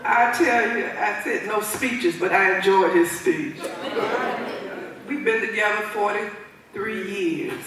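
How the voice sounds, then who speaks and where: A woman's voice: medium pitch, takes it slowly, crowd noise. A woman in her seventies giving a thank-you speech at her own birthday party, telling stories with frequent chuckles and restarts. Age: 70s. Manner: chuckling, loose speaker who restarts phrases. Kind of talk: warm, unscripted storytelling speech. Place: large event hall at a birthday party. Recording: echoey hall recorded from far off.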